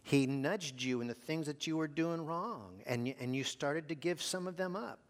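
A man preaching a sermon, asking his congregation rhetorical questions and dropping to a hush for emphasis. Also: a little high, moderate pace. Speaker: pastor.

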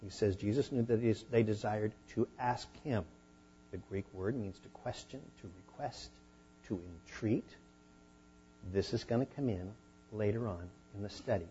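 A man preaching a sermon as a pastor, teaching a Bible passage in a conversational way and rising to animated emphasis at times. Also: lowish voice, measured pace, lo-fi sound, a little hiss or hum.

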